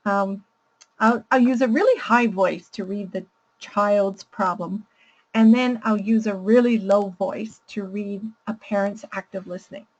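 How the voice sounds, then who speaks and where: A woman's voice: mid-range voice, unhurried, muffled recording. A woman presenting a parenting lesson, explaining patiently and laughing easily. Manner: warm, explanatory, laughs readily. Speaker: parenting educator. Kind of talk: teaching presentation.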